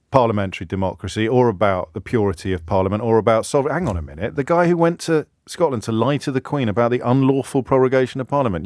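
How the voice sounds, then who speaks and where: A man's voice: fairly low pitch, a little mellow, dry recording, studio quality. A man with a British accent hosting a radio show, delivering a mocking, sarcastic monologue that keeps building with incredulous emphasis. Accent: British English. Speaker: radio phone-in host. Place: radio studio. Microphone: studio microphone.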